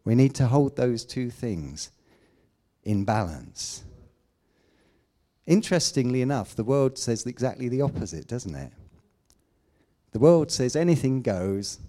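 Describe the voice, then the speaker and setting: A man preaching a sermon, emphatic, with loud declamations and quiet asides. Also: mid-range voice, very animated, measured pace, long pauses.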